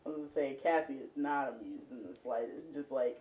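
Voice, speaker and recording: A woman playing a tabletop game who makes dry, deadpan asides. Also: a bass voice, fairly quick, echoey room, a little hiss or hum. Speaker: player.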